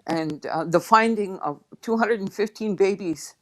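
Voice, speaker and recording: A woman guest speaking slowly and softly over a video call, emotional and near tears as she reflects between pauses. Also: mid-range voice. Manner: slow, soft and reflective, with pauses. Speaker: guest drum singer. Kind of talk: heartfelt testimony on an online panel.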